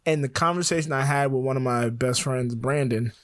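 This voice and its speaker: Relaxed man from Florida spinning a yarn. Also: medium pitch, fairly quick, no echo, studio quality. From Florida, USA. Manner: laid-back, laughs often, acts out dialogue. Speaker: podcast guest. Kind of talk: casual storytelling.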